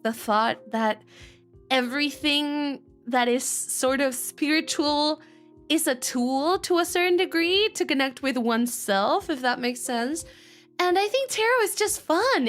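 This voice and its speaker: A woman live-streamer with a high, bright voice chats loosely with her viewers. She rambles, laughs often and greets people in chat by name. Faint music plays behind her. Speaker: streamer and voice actor.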